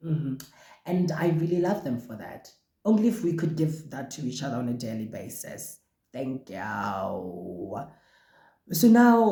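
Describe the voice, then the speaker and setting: A man hosting a casual podcast monologue, talking in an animated, expressive way and exclaiming often. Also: a little high, echoey room. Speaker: podcast host.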